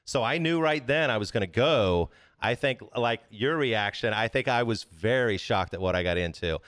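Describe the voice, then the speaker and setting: A man's voice: mid-range voice, animated, moderate pace, fairly bright tone, no room sound, clean studio sound. A man co-hosting a casual film podcast, talking enthusiastically and swearing freely. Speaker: podcast co-host.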